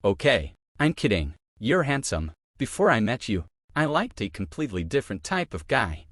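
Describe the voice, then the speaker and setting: A man's voice: medium pitch, big pitch swings, moderate pace, dry recording. A man voicing a playful young woman's ghost, teasing and chatty.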